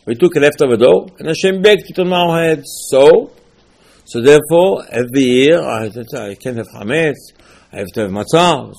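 A man giving an animated Torah class, asking and answering his own rhetorical questions. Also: mid-range voice, moderate pace, gravelly. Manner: animated, rhetorical questions, lively emphatic teaching.

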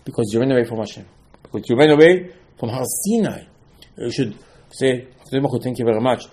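A man's voice: mid-range voice, expressive, normal speed, a little mellow. Man giving an emphatic Torah class. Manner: emphatic, repetitive, asks and answers his own questions; non-native English phrasing. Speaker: Torah teacher.

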